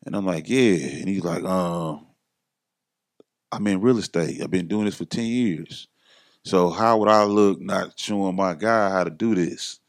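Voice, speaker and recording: A middle-aged man telling his story casually as a podcast guest, acting out other people's lines in a raised voice. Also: measured pace. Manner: animated, acts out others' lines in a higher voice.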